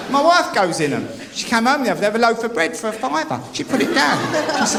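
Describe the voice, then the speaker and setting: A male stand-up comic, telling stories in a high, bouncy voice that swoops around a lot. He mocks the people in his tales. Loud audience laughter and heavy noise sit under the live recording. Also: big pitch swings, quick pace, creaky, hardly any pauses. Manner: wry, storytelling, mocking voices for quoted people. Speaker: stand-up comedian. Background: crowd laughing.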